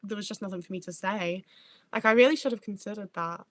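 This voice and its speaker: A woman's voice: medium pitch, fast talker. A woman hosting a livestream, chatting in a rambling, sweary way that often trails off and restarts mid-sentence. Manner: rambling, sweary, self-interrupting. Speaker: livestream host. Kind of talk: casual live-chat rambling.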